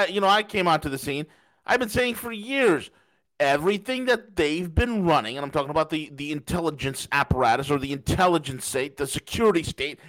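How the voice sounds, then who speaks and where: A man's voice: on the high side, a bit bright. A man hosting a political podcast, ranting angrily with profanity and repeating himself. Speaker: podcast host. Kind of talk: angry political monologue.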